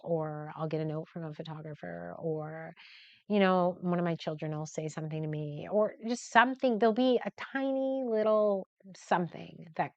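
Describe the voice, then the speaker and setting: A woman's voice: fairly low pitch, steady tone, normal speed, smooth, dry recording. A middle-aged woman, a photographer, giving an earnest, heartfelt motivational talk on a livestream. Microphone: camera mic at close range. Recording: dull, lo-fi and dry.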